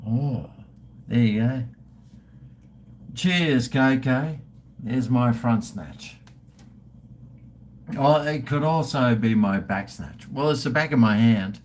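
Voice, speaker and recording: Slow-talking crude Australian man in his fifties. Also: mid-range voice, slight background noise. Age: 50s. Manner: crude, joking, swearing; drinking and toasting viewers. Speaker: livestream host. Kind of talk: casual live-stream chat.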